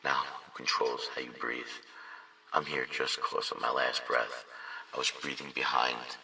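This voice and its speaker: A man's voice: a bass voice, flat delivery, measured pace, creaky, sharp tone. A man performing spoken word poetry with a rhythmic, rhyming, intense delivery. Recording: distant mic in a reverberant room.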